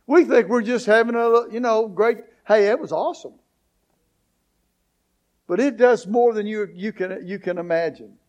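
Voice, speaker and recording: A man preaching a sermon as pastor, building to emphatic questions and drawn-out lines. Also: high voice, a little mellow, muffled recording. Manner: preaching, rising to emphatic questions, slow deliberate phrasing.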